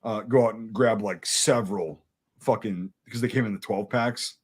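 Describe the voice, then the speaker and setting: A man's voice: fairly low pitch, normal speed, breathy edge. A man from Wisconsin, a military veteran, telling a war story in casual chat, swearing freely and acting out what each person said. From Wisconsin, USA. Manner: profane, animated, acts out quoted dialogue.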